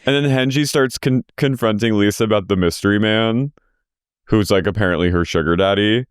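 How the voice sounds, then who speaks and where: A man co-hosting a podcast, recapping a reality show in casual gossipy chat and acting out quotes in high mocking voices. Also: fairly quick, clear, resonant tone, dry recording, clean studio sound. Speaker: podcast co-host.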